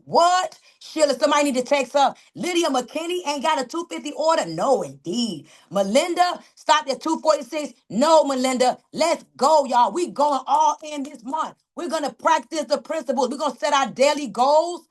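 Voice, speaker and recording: High-voiced animated woman coaching her team. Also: moderate pace, hardly any pauses. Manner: animated, preachy, calls out team members by name. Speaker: network marketing coach. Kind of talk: motivational training call.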